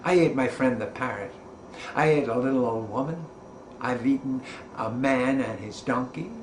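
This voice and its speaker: A man's voice: medium pitch, normal speed, close to an everyday voice. A man voicing a greedy, boastful storybook cat who gloats as he lists everything he has eaten, in a roomy recording. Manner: bragging, gloating listing. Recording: roomy echo, faint background noise.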